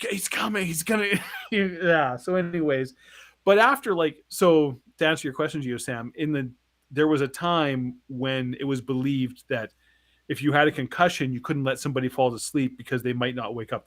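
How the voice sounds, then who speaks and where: A man's voice: medium pitch, a little fast, dry recording. A man in his forties, a podcast co-host, telling a long personal story in casual chat and acting out the voices of the people in it. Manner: animated, acts out quoted voices, swears.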